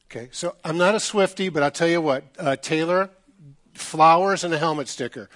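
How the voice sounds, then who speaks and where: A middle-aged pastor with a fairly high voice preaches to his congregation. He keeps it casual and jokey and acts out the voices of people in his stories. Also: normal speed, fairly bright tone. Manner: jokey, conversational, acts out quoted dialogue. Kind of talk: sermon with storytelling. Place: church sanctuary.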